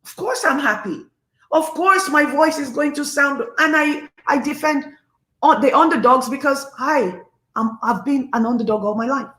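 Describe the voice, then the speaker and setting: A woman's voice: sits high, normal speed, fairly bright tone, reverberant. A Nigerian-accented woman in her fifties, hosting a casual livestream and talking in a passionate, emphatic, preachy way. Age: 50s. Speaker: livestream host.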